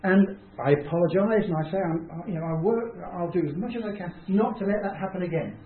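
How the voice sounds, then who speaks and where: Talking fast in a high voice, a man gives a loose, conversational talk to a small gathering. He jokes at his own expense and imitates others' reactions, and the recording sounds tinny and roomy with a faint hiss.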